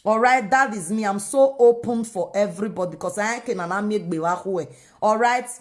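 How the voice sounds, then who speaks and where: Nigerian woman, vlogger, casual monologue, animated, slightly high voice. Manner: animated, switching between English and Pidgin.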